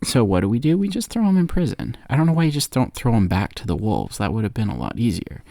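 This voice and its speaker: A man's voice: on the low side, huge pitch swings, fast, creaky, dark tone. A man on a podcast giving a rambling, sarcastic comedic recap of a movie. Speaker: podcast co-host.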